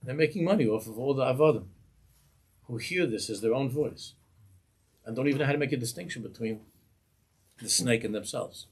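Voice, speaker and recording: A man's voice: medium pitch, brisk, pauses often, breathy edge. A man, a rabbi giving an impassioned Torah class in a synagogue, pleading with rhetorical questions.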